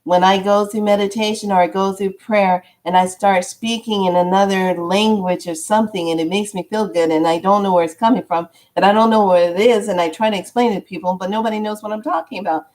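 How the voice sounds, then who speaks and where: A heartfelt woman stranger , as a woman storyteller voices her, confides slowly and earnestly. Her words come haltingly, as if she were still searching for them. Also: medium pitch, steady tone, darkish tone, close to an everyday voice. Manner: slow, heartfelt, searching confession.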